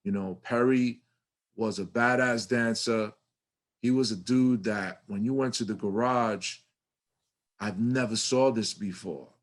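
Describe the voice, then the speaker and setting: A man's voice: lowish voice, unhurried. A middle-aged man from New York City with a New York accent, telling stories animatedly in a casual interview and swearing freely. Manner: animated, swears freely, acts out his younger self. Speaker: guest.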